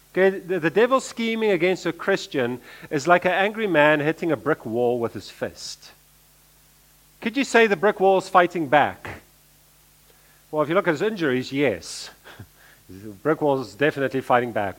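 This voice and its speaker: A man preaching a sermon, repeating key phrases and swinging between emphatic lines and quiet asides. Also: fairly high pitch.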